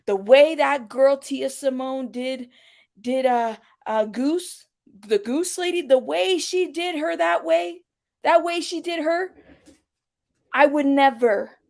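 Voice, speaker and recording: A woman parodying a melodramatic woman streamer who delivers slow, emphatic bursts of outrage. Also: high-pitched, creaky, exaggerated voice. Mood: outraged.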